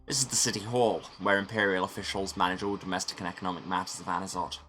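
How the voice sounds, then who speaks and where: Low-voiced streamer, tired, reading a game out, dry jokes. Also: male voice, level tone, quick pace, sharp tone, faint music behind. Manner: dry, self-deprecating asides. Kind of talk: playthrough narration.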